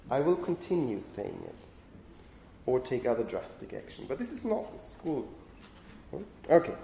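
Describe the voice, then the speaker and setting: A man's voice: a little high, dark tone. A man lecturing on phonetics in a lecture hall, punctuating points with "okay?" and scolding talkative students. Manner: frequent "okay?" checks, stern with chatty students. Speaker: university lecturer. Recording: echoey lecture hall, faint room noise.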